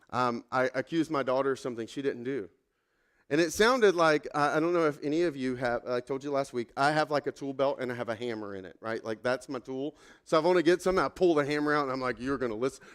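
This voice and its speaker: A pastor in his thirties, whose voice is on the high side, delivers a conversational, self-deprecating sermon packed with fillers and asides.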